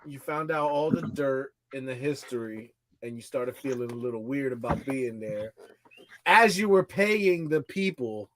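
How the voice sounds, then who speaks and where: A man co-hosting a casual podcast, reacting quickly and laughing often. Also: mid-range voice, expressive, crowd noise, poor audio. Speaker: podcast co-host. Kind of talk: casual chat.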